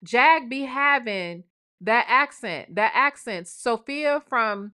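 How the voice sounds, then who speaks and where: A woman's voice: fairly high pitch, lively intonation, slow pace, bright, forceful tone. A woman hosting a live stream, reading viewer messages and commenting in a sassy, conversational way. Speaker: livestream host.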